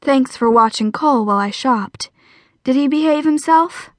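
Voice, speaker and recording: A woman's voice: high voice, normal speed, no room sound, lightly acted. A woman narrator voicing a determined young mother with a wry edge.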